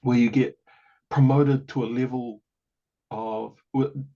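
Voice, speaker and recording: A gravelly, husky New man in his forties tells his story as a podcast guest. He keeps it animated and sprinkles his talk with casual asides. The audio sounds a bit dull and lo-fi. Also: medium pitch, slow pace. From New Zealand. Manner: animated, acts out quoted voices, many "you know" asides. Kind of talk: personal storytelling in a conversation.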